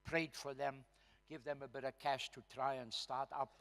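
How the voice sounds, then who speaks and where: A man with a South African accent, a pastor telling a story from his own life at a church service, swinging between loud emphasis and hushed asides. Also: mid-range voice, little pitch movement, normal speed. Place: church hall. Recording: reverberant church hall.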